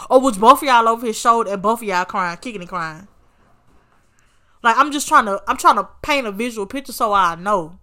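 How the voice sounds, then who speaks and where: A woman hosts her podcast and tells a story in casual, sassy commentary, swearing freely and calling her listener honey and baby. Her voice sits on the high side and moves fairly quickly, with an animated delivery.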